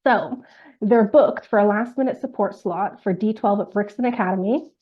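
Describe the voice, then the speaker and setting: Woman podcast co-host, casual storyteller, mid pitch, dull lo-fi sound. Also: normal speed. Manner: conversational storytelling with many fillers. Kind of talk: casual true crime podcast chat.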